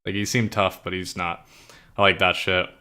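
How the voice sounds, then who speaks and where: Young man, casual streamer chat, lowish voice, bright tone, swears a lot, says bro. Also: little pitch movement, moderate pace, smooth. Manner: loose and profane, lots of "like" and "bro"; explains slang with enthusiasm. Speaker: streamer and writer. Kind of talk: casual chat while writing.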